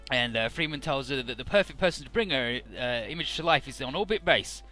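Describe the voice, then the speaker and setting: A man's voice: mid-range voice, animated, a little fast, bright, forceful tone, faint music behind. A man casually recapping a video game story for his let's play, chatty and full of "uh" and "he's like".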